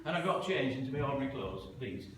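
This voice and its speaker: A man telling a story live, dramatic and animated, acting out the voices he quotes. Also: mid-range voice, fast talker, slight background noise. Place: large museum hall. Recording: echoey hall, heard from a distance.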